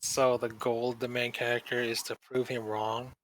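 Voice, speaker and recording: A man's voice: medium pitch, little pitch movement, moderate pace, a bit bright, slight background noise, rough recording. A man co-hosting a casual podcast chat, rambling in slang and briefly mimicking characters in exaggerated voices. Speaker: podcast co-host.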